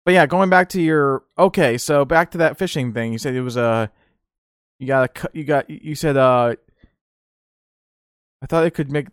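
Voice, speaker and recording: This streamer podcast host has a clear, resonant, medium-pitched voice and speaks at a moderate pace with long pauses. The studio recording is clean with no room sound. He rambles nostalgically about memories, laughing frequently and filling gaps with filler words.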